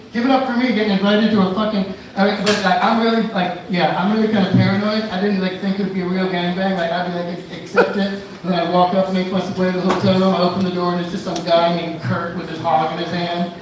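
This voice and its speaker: Guy doing stand-up, rambly, highish voice, really echoey bar room. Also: fairly even intonation, brisk, background noise. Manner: rambling, loose, with many fillers and restarts. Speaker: stand-up comedian. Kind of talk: live stand-up set. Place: indoor bar venue. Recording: echoey room, mic at a distance.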